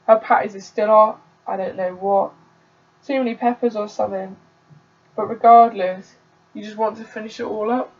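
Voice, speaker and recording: A young woman from England, a theatre student, performing a solo dramatic monologue in a conversational storytelling way with sudden loud outbursts. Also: medium pitch, steady tone, normal speed. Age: young adult. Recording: dull, distant home recording.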